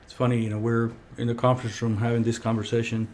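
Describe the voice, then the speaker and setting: A man hosting a casual talk, telling a personal story in a conference room, lively when he quotes other people. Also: mid-range voice, quick pace, a little hiss or hum. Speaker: podcast host. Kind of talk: casual conversation. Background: heater running.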